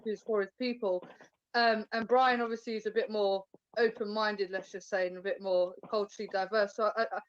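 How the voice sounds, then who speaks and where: A woman's voice: mid-range voice, dry recording, lo-fi sound. A woman moderating an online debate, flustered and out of breath, pleading for order.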